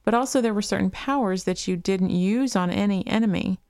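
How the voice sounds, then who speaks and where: A woman's voice: mid-range voice, brisk, darkish tone, clean tone, no echo. A woman hosting a gaming podcast, reading interview articles aloud and chatting casually between them. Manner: reads quotes evenly, chats casually between them. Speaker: podcast host.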